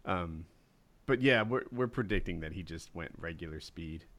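A man's voice: sits low, lively intonation, normal speed, fairly bright tone. A laid-back man in a casual podcast chat. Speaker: podcast co-host.

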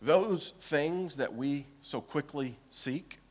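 A pastor preaching a sermon, retelling a story with acted dialogue, swinging between hushed, low lines and loud, urgent ones. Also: male voice, animated, slow. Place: church sanctuary.

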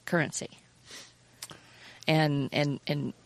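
Low, gravelly woman co-host, full of fillers. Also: level tone, slow, dry recording. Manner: hesitant, strings clauses with many fillers. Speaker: podcast co-host. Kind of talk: casual conversational podcast.

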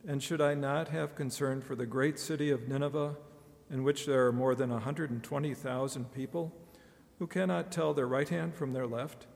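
A man reading scripture aloud to a church congregation, measured and expressive in the quoted speech. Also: medium pitch, vocal fry. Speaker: scripture reader. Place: church sanctuary. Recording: reverberant church hall.

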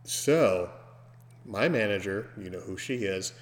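A man hosting a podcast, telling a story casually and breaking into loud, animated mimicry of screams. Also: lowish voice, takes it slowly. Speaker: podcast host. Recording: long hall reverb.

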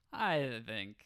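A man's voice: mid-range voice, a bit bright, smooth. A man in his thirties co-hosting a casual movie review podcast, joking and rambling with frequent laughs. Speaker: podcast co-host.

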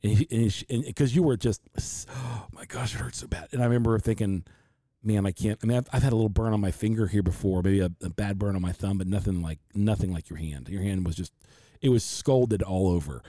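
Speaking fast in a warm, fairly low voice with no echo, a man co-hosting a podcast shares a scary family story. He's earnest throughout and acts out other people's words with animation.

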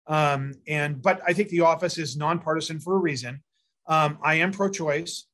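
Man, middle-aged, interview guest, long-winded storyteller, fillers and restarts, slightly high pitch. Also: normal speed, fairly bright tone. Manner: rambling, many fillers and restarts. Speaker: guest, mayor and prosecutor candidate.

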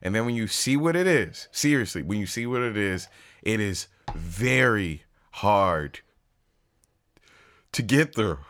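Deep-voiced laid-back man. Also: expressive, fairly bright tone, a little hiss or hum. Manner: laid-back, drawn-out delivery, says "man" a lot. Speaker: podcast co-host. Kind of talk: casual chat.

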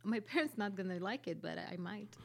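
Russian-accented woman in her 30s, podcast guest, deadpan playful comebacks. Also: medium pitch, a little fast, vocal fry. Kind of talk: casual interview chat.

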